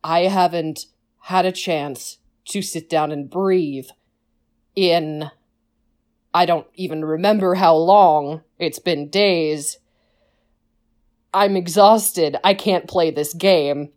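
A woman putting on a battered, exhausted male ex-spy who lays everything out bluntly and rambles through his explanations. The delivery is unhurried and casual, as in a retold story. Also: on the low side, darkish tone, pitched below the performer's own voice. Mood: weary. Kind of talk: casual retelling with quoted voices.

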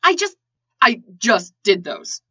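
A woman's voice: medium pitch, big pitch swings, normal speed, bright, forceful tone. A woman voicing a dry-witted young man who jokes and gets flustered, in a lo-fi recording. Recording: lo-fi dull recording.

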